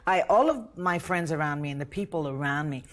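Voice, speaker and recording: A woman's voice: sits low, a little fast. A woman in her fifties from the United States, a guest in a casual television interview, playful and often laughing. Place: TV studio set dressed as living room, with audience.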